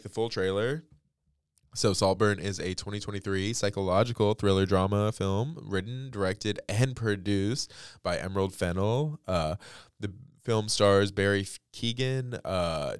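A man's voice: low voice, smooth, no room sound, clean studio sound. A man hosting a pop culture podcast, congested from allergies, chatting casually and filling his talk with "like" and "um". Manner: chatty, many fillers like "like" and "um". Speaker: podcast host.

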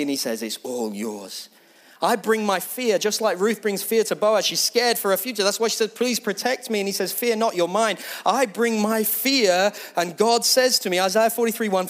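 A male pastor delivering a sermon in a slightly raised voice. He pushes hard through repeated, rhythmic lines, then drops to a soft, hushed tone that is close to a whisper. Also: sits high. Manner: impassioned, rising in repeated phrases then dropping to a hushed near-whisper.

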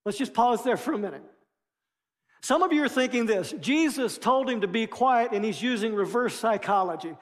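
A man preaching a sermon as lead pastor, animated, with playful voiced asides. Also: extremely high pitch, normal speed, long reverb tail.

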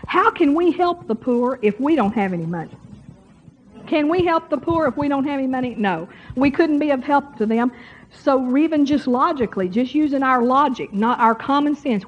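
A woman's voice: sits high, a little hiss or hum. A woman preaching a sermon to a congregation in a folksy, chatty way, speaking straight to the crowd. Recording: dull lo-fi sermon recording.

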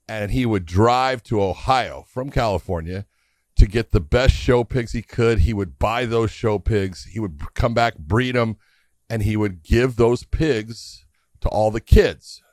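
Brief: middle-aged man, lively laughing raconteur, dry close sound. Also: fairly low pitch, unhurried, dry recording. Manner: animated, laughing storyteller. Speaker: podcast guest telling stories. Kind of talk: casual storytelling chat.

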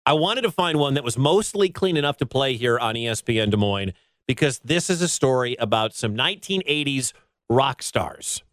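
A chatty male radio host introducing a guest. His voice has a mid pitch and a lot of movement, and the studio sound is close and dry with no room echo. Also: animated, normal speed, fairly bright tone. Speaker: radio sports show host. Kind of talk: radio show banter.

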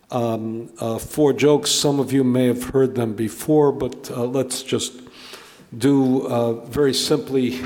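A man's voice: medium pitch, a little mellow. Man lecturing in a reverberant hall. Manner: conversational, with stammered restarts. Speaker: historian giving a lecture. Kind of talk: public lecture.

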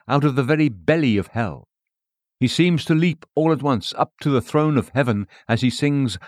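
Male preacher, solemn rhythmic sermon delivery, mid pitch, dry close sound. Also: dry recording.

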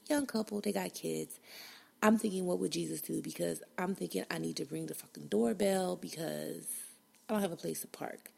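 A woman's voice: on the low side, vocal fry, a little mellow. A woman hosting a podcast, telling a personal story in a casual, blunt and profane way and acting out her own reactions. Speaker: podcast host.

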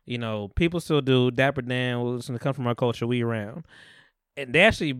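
A man hosting a podcast, retelling a movie in a rambling, animated way with casual swearing. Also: medium pitch, brisk, clear, resonant tone, no room sound, studio quality. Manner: rambling, animated retelling with profanity and acted-out quotes. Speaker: podcast host. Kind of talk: casual chat.

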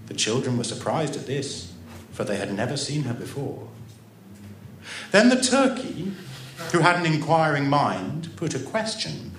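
A man reading a story aloud on a live stage in an expressive, theatrical way, with the odd dry aside. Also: medium pitch, a little slow, slight background noise. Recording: roomy echo.

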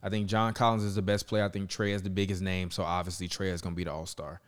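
A man's voice: deep voice, flat delivery, quick pace, clean tone. A man co-hosting a casual sports talk show, arguing heatedly about basketball, swearing and restarting his sentences. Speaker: podcast co-host. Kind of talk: casual sports talk while watching a game.

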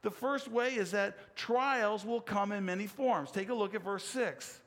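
Man, high voice, pastor, sermon, earnest, explanatory. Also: measured pace, a bit bright. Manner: earnest, explanatory, with self-deprecating anecdote.

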